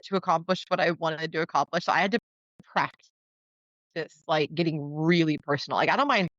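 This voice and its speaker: A woman talking casually as a podcast guest, laughing often and acting out quoted people in a higher voice. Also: normal speed, a bit bright, dry recording. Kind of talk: casual interview conversation. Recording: dull dry lo-fi sound.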